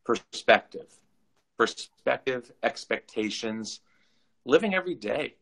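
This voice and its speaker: A man's voice: mid-range voice, expressive, takes it slowly, gravelly, fairly bright tone, low-quality recording. A man in his forties from Southern California, talking earnestly on a video call and often repeating his words as he tells his story. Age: 40s. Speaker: guest. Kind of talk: casual video call interview.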